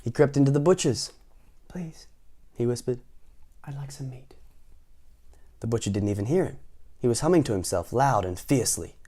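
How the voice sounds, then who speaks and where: A man reading a picture book aloud in a playful, animated way, often asking the listener questions. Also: mid-range voice, fast, few pauses. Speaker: storytime reader.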